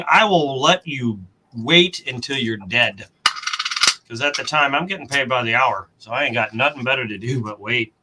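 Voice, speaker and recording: An American man in casual chat, telling a story in an animated way and acting out the quotes. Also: medium pitch, background noise. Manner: animated storyteller, acts out quotes, mild cursing dodges. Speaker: coin roll hunting host.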